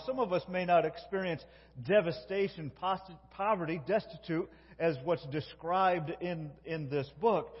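A middle-aged male pastor preaches in a folksy, homespun way, telling jokes and often restarting his sentences. His voice sits a little high and is somewhat husky. The recording is dull and lo-fi, with a long reverb from a large church. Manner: folksy, self-interrupting, tells jokes. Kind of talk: sermon.

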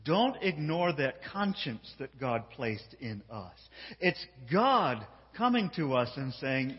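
A man preaching a sermon, telling a story with lively animation and often repeating words as he builds up steam. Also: medium pitch, measured pace, husky. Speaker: pastor. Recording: dull sound with long hall reverb.

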